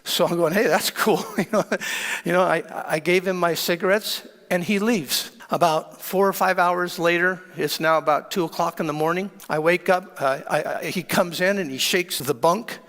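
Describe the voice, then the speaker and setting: A man with a high voice tells a personal testimony as a preacher. He talks in a dramatic, animated way, stumbling over and repeating words. His voice rings with a long reverb, as if in a large hall. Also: moderate pace. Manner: animated, with stammered repeats and laughs.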